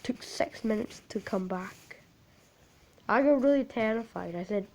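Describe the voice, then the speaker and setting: A woman telling an amateur creepypasta story in a halting, repetitive, unpolished way. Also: on the high side, a little mellow.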